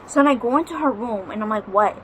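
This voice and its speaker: A woman's voice: a little high, quick pace, noisy background. A young woman vlogging at home, telling a ghost story in a chatty, dramatic way and swearing freely. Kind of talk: casual storytelling vlog. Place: home, near a balcony.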